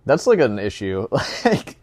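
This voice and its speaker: Low-voiced man rambling through a podcast. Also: wildly swooping pitch, unhurried, a little mellow, no echo. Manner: rambling, joking, many fillers and laughs. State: slightly out of breath. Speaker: podcast host and classical guitar teacher. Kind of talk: casual solo podcast reading comments.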